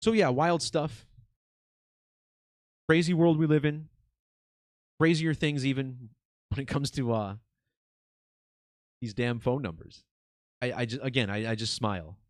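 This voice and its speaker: A man hosting his own video channel, talking casually and excitedly to viewers, swearing now and then. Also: medium pitch, slow, long pauses, no echo, studio quality. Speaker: video host.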